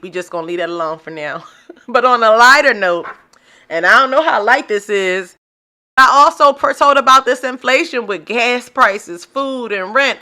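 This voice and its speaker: Woman podcast host and minister, slightly high, bright voice, lively and preachy. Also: moderate pace. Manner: animated, preachy, joking, with laughs and African American slang. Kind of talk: casual solo podcast commentary.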